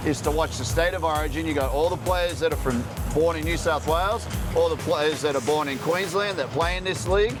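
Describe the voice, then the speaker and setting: A man's voice: a little high, brisk, hardly any pauses, over music. A man with an Australian accent, a guest chatting casually on a sports show, laid-back and laughing easily. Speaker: guest, former pitcher. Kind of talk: casual chat.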